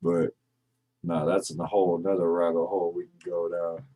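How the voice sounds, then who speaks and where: A man's voice: sits low, flat delivery, normal speed, warm tone. A man co-hosting a podcast in casual chat, ranting and joking with a lot of swearing. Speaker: podcast co-host.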